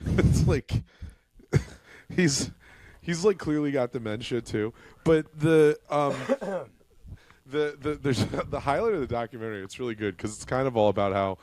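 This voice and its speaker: A man's voice: medium pitch, a little slow, darkish tone, no echo. Laughing man telling a rambling story. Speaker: podcast co-host. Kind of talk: casual comedy podcast chat. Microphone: podcast mic, laptop camera.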